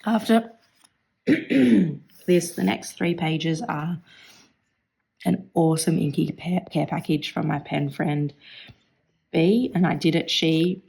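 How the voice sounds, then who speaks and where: A woman with a hoarse, partly lost voice, chatting casually through a stationery flip-through vlog, clearing her throat now and then. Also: low voice, slow pace, long pauses, darkish tone. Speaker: stationery vlogger.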